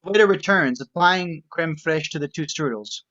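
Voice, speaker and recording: A man's voice: fairly high pitch, normal speed, sharp tone, dull audio. A man reading stage directions at a script reading, adding wry, explanatory commentary. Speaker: narrator.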